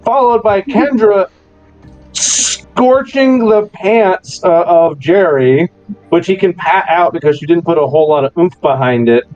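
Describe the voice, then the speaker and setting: A man's voice: high voice, unhurried, darkish tone, soft background music. A man narrating as dungeon master, laid back and chuckling between scenes. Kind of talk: narrating a tabletop game. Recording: dull lo-fi mic.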